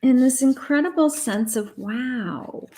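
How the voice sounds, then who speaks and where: A woman's voice: mid-range voice, unhurried, darkish tone. A middle-aged woman, a psychic, giving a live tarot reading to her viewers in an emotional, uplifting way, with repeated affirmations.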